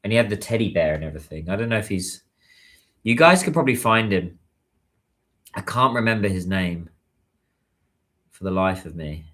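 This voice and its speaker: A man's voice: deep voice, expressive, moderate pace, long pauses, a bit bright. A British man hosting a casual livestream, chatting and answering viewer messages. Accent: British English. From United Kingdom. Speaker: livestream host.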